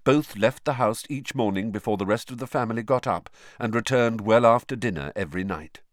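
A man narrating an audiobook with expressive storytelling. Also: fairly low pitch, a little fast, no room sound, clean studio sound. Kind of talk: scripted narration.

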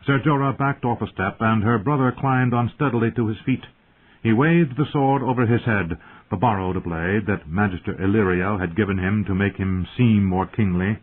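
A man narrating a fantasy audiobook in a measured, tense storytelling manner. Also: on the low side, husky. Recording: tinny phone-like audio.

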